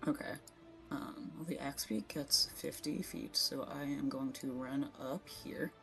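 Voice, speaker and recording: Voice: mid-range voice, fairly even intonation, unhurried, vocal fry, a bit bright, soft background music. A player in a tabletop game, talking casually and asking easygoing questions as they plan their moves.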